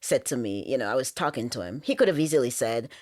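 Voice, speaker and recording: Jamaican woman guest, very deep voice, dry close sound, candid, filler-heavy chat. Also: expressive, fast, darkish tone, dry recording. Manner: candid, frequent "you know" fillers. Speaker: podcast guest. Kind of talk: casual conversation.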